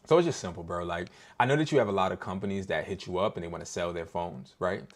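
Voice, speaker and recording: A young man hosting a live business workshop, talking in casual slang and acting out phone calls in a lower voice, with loud excited bursts. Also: fast. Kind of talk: casual livestream teaching.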